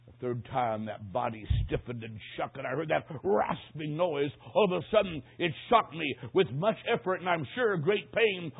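A man preaching a sermon, telling a story dramatically, dropping to a hush and rising to a shout. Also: a little high, expressive, normal speed, gravelly, few pauses, breathy edge. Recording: tinny phone-like lo-fi recording.

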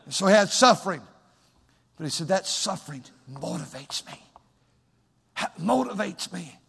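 A man preaching a fiery sermon as pastor, moving from hushed storytelling to shouted exhortation. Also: sits high, lively intonation, moderate pace, vocal fry, slightly rough, long reverb tail.

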